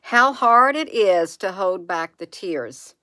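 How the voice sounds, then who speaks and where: A woman speaking softly and reassuringly to her viewers, repeating phrases slowly in an encouraging spiritual monologue. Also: medium pitch, lively intonation, no room sound. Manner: soft, repetitive, reassuring, with slow drawn-out phrases. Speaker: channel host.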